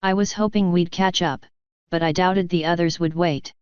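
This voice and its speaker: A woman reading a fanfiction story aloud in an even, steady way. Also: on the low side, normal speed, clean tone, no echo, muffled recording. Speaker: fanfiction reader.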